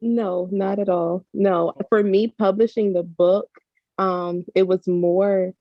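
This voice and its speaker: A woman's voice: mid-range voice, fairly even intonation, takes it slowly, no room sound. Woman guest on a call, dry and muffled audio, earnest, lots of "like", pours out feelings. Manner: earnest, effusive, full of "like" and restarts. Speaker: author and mother, interview guest. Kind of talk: heartfelt conversational interview. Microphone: video call. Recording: dull lo-fi video call audio.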